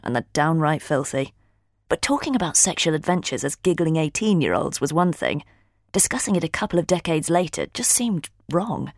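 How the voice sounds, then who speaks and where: Expressive woman reading an audiobook. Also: deep voice, dry recording, studio quality. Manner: expressive storytelling. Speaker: audiobook narrator. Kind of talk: scripted first-person audiobook narration.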